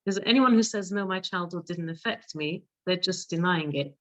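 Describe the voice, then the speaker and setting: A woman's voice: fairly low pitch, moderate pace, no echo, highs cut off. A woman with a London accent, a hypnotherapist speaking as a guest in a casual interview, emphatic and affirming.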